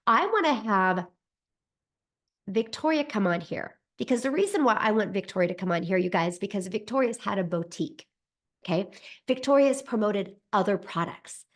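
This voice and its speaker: A woman hosting a livestream webinar, upbeat and speaking straight to the audience as she brings a guest on. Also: medium pitch. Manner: upbeat, addressing the audience as "you guys". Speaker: webinar host.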